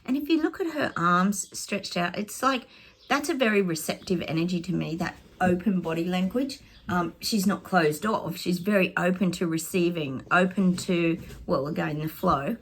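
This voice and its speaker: A woman talking casually to viewers as a psychic vlogger. She chats excitably while pulling oracle cards and often calls her audience "guys". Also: lowish voice, normal speed, slight background noise. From Australia. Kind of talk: casual oracle card reading to camera.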